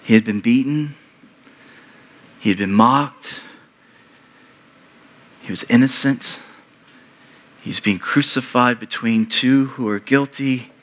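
Slow, deliberate man preaching. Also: medium pitch. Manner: slow, deliberate retelling with repeated short phrases. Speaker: pastor. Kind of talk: sermon.

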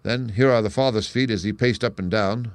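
A man voicing a confident male detective in an audiobook, crisp and brisk, pitching his voice up and speaking louder for the role. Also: fairly even intonation, no room sound, natural voice. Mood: eager. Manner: brisk, crisp, declaiming deductions. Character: sharp, confident male detective, lively and assured. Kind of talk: audiobook character reading.

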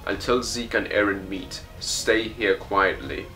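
A man doing a stern, accented male soldier from a comic, speaking low and measured. He delivers the lines firmly to the prisoners, with faint music in the background. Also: fairly even intonation, sharp tone. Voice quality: put-on accent.

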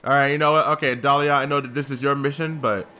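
A man commenting casually on a role-playing game he is playing, joking, swearing and reacting loudly as he reads the dialogue aloud. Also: medium pitch, steady tone, quick pace, slight background noise. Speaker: gaming YouTuber.

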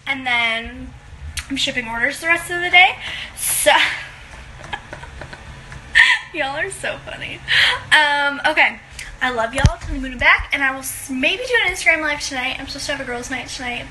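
With background noise behind her, a young woman with a high-sitting voice speaks at a moderate pace, leaving long pauses. She's an online seller hosting a livestream from her apartment, giggly and laughing often, her casual chatter heavy with likes and ums.

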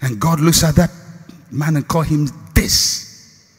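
A man preaches with a husky, slightly raised voice, taking his time over each line. His pitch leaps into shouts and then sinks to hushed, drawn-out refrains. It sounds like a large hall with a long reverb trailing behind him. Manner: preaching with dramatic swings from shouts to hushed low phrases; slow, drawn-out repeated refrains. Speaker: pastor. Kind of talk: sermon.

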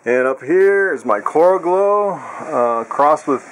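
Guy with a slightly high voice doing a casual animal vlog, keeps laughing, gets squeaky with his dogs. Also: takes it slowly. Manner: chatty, laughs often; coos in high excited tones at pets. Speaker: vlogger. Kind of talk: casual walk-through vlog.

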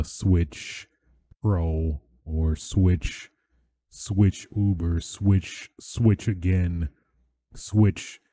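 A man hosting a casual gaming podcast, rambling with many fillers and getting excitable with swearing. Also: low-pitched. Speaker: podcast host. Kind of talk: casual solo podcast talk.

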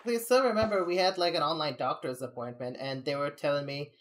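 A woman's voice: deep voice, fairly quick, slight background noise. A young adult woman streaming, chatting casually and venting candidly, rambling with frequent laughs. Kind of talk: casual live-stream chat.

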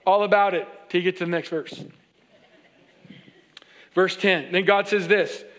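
A pastor with a high, light voice delivers a sermon in a church. He moves between reading scripture and playful, animated asides where he acts out the characters, and he keeps a casual, joking tone with his congregation. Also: fairly quick, long pauses. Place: church sanctuary.

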